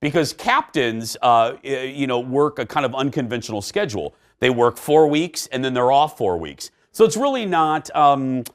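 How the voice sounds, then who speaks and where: A man in middle age hosts a talk show from the studio, his voice rising and falling in lively swings. He chats and tells personal stories, often restarting and filling pauses with "uh" and "you know.". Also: medium pitch. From Indiana, United States. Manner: chatty, animated, with frequent fillers and restarts. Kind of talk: casual chat and storytelling.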